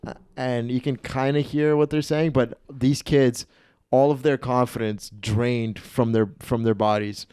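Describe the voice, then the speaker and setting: A man hosting a comedy podcast, telling a story in an animated, profane way and acting out the people in it. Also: mid-range voice, measured pace, smooth, dry recording. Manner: animated, profane, acts out the people in his stories. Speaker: podcast host.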